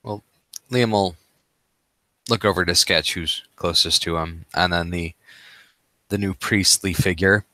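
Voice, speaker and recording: A man's voice: sits low, fairly even intonation, measured pace, pauses often, bright, forceful tone, no room sound. A man playing in a tabletop role-playing game, speaking in a laid-back way and swearing casually. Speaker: player.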